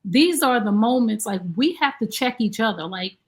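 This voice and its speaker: A woman co-hosting a casual talk show, telling an animated story and acting out what people said. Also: a little high, moderate pace. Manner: animated storyteller, acts out quoted dialogue. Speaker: co-host; special needs mom. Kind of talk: casual chat.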